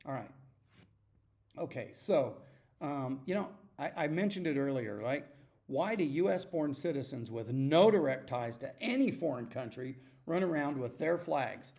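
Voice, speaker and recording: Gravelly-voiced man exhorting listeners. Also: fairly high pitch, expressive, unhurried, a little mellow. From United States. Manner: earnest, exhorting, frequent throat clearing and restarts. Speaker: podcast host. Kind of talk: opinionated solo podcast monologue.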